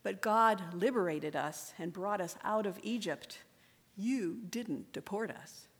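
A woman's voice: medium pitch, animated, slow, husky, full character voice. A woman reading aloud as a frightened, weary young husband fleeing with his family, earnest and pleading. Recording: echoey room with long reverb.

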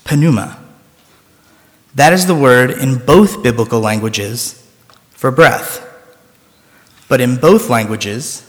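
A male preacher talks at an unhurried, deliberate pace, guiding his listeners through a calm breathing meditation within his sermon. His voice sits at an ordinary middle pitch and drops quiet on the breathing cues. The sound carries a long reverb, as in a large church sanctuary.

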